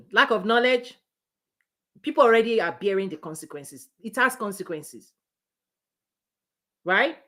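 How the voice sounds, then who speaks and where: A woman's voice: medium pitch, sharp tone. A woman business coach giving a motivational live-stream talk. She speaks in an emphatic, repetitive preaching cadence and laughs between her points.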